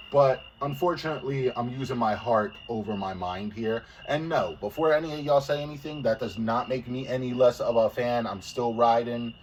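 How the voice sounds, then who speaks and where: A man's voice: medium pitch, a little mellow, highs cut off. A man co-hosting a laid-back sports podcast. He talks in a blunt, joking way and swears casually. He sounds a bit far from the mic, with faint noise underneath. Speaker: podcast co-host.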